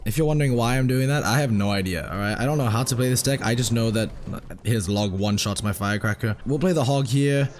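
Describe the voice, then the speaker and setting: A hoarse young man giving excitable, self-mocking live commentary while playing a mobile game, swearing often. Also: medium pitch. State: hoarse, recovering from a lost voice.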